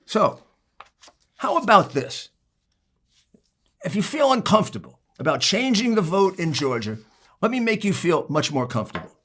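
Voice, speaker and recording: A man giving a political speech, emphatic and building to forceful outbursts. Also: high voice, big pitch swings, normal speed, pauses often. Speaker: speaker addressing lawmakers.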